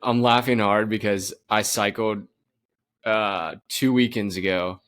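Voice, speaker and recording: A young adult man with a slightly low voice chats on a podcast. He tells stories animatedly, stumbling and restarting as he goes, in an easy, casual way. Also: measured pace. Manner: animated storytelling, frequent laughs and restarts. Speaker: podcast co-host. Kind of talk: casual chat.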